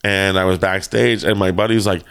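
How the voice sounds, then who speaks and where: A man casually telling a backstage story, animated and swearing freely as he acts out what people said. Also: sits low, a little fast, gravelly, clear, resonant tone, no room sound.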